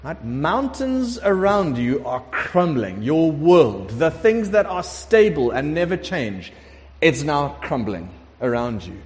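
Animated pastor with echoing hall sound. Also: male voice, a little high, slow pace, hardly any pauses. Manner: conversational, emphatic, acts out prayers in shifting voices. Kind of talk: sermon. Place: warm room with congregation. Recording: long hall reverb.

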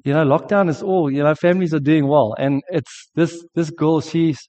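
Warm and steady, this fairly high-pitched male voice keeps a moderate pace. The speaker, a South African pastor, preaches in a chatty, storytelling way with many restarts, on a dull lo-fi sermon recording.

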